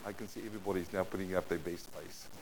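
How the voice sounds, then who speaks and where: A man with a South African accent preaching a sermon to his congregation, dropping to a hush and then rising loud. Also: low-pitched, fairly even intonation, fast, noisy background. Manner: dynamic preaching, swinging between hushed and loud. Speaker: pastor.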